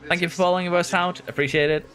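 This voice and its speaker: Excitable male game streamer, bright voice. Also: sits high, fast talker. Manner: excitable, talks to drivers and chat. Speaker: gaming streamer. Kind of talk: live game commentary.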